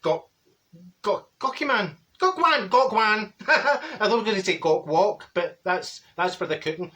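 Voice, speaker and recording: A man's voice: sits high, moderate pace, pushed and bright. Brief: middle-aged Glaswegian woman, man in drag voice, straight-talking gossip, blunt comic monologue. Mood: gossipy. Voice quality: chatty, blunt, gossipy storytelling. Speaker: comedy character monologue.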